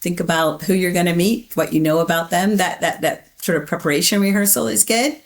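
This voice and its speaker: Middle-aged woman guest, lowish voice, calm explainer of memory tips, easy laugh. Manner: measured, explanatory, laughs easily. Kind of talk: interview answers.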